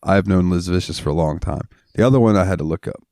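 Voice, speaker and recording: A man with a fairly low voice chatting on a podcast, relaxed and rambling as he hunts for names. He laughs easily. The recording is close and dry. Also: fast, clean tone, no echo. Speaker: podcast co-host. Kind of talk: casual chat.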